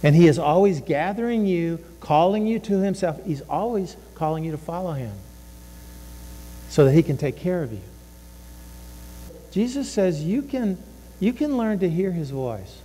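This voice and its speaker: A man's voice: sits high, animated, moderate pace, pauses often, warm tone, in a large hall. A man preaching a sermon as a pastor, emphatic and repeating his phrases, sometimes voicing inner thoughts.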